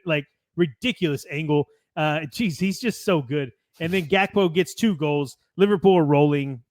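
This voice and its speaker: A man from the United States, co-hosting a podcast, reads match notes and chats about sports casually, drifting off topic a little and swearing from time to time. His pitch is a touch high, and the studio-quality recording has no room sound.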